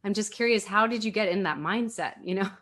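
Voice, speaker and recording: A woman's voice: mid-range voice, quick pace, fairly bright tone. A woman hosting a podcast who answers her guest with eager approval and asks reflective questions. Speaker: podcast host. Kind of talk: casual interview chat.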